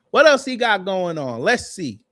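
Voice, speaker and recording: Mocking slangy man hosting a roast. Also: sits high. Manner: mocking, slangy, deadpan jokes. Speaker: host. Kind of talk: roasting commentary.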